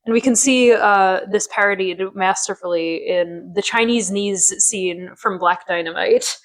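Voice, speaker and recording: A woman co-hosting a podcast in casual chat, animated and laughing often. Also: medium pitch, measured pace, poor audio. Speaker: podcast co-host.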